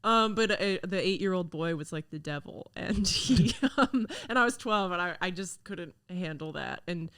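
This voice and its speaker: A woman's voice: on the low side, a bit bright, no echo, studio quality. A young woman hosting a podcast, chatting casually and telling stories with frequent giggles. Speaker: podcast host. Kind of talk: casual chat.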